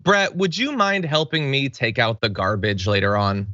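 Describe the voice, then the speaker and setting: A man's voice: medium pitch, normal speed, no room sound, lo-fi sound. A man hosting a casual news talk show, joking and laughing with his co-host. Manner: jokey, animated, laughs often.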